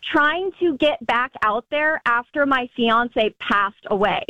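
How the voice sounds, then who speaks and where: A woman calling in to a radio show, telling a wild story in an animated way and laughing often. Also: on the high side, takes it slowly, no room sound, low-quality recording. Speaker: caller.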